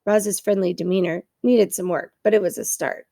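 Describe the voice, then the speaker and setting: A woman reading a children's novel aloud in a steady storytelling manner, with occasional small stumbles. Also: mid-range voice, moderate pace, vocal fry, dry recording, studio quality. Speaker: reader.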